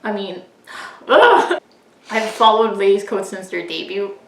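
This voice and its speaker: A woman hosting a reaction video, talking in a halting, emotional way with many fillers. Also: mid-range voice, big pitch swings, a bit bright, roomy sound, a little hiss or hum, rough recording. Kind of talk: casual emotional chat.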